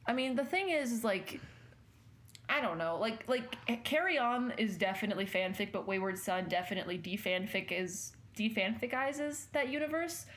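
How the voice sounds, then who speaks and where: A woman's voice: a little high, animated, normal speed, fairly bright tone. A young woman hosting a casual chat, talking in a rambling way with lots of fillers. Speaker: podcast host.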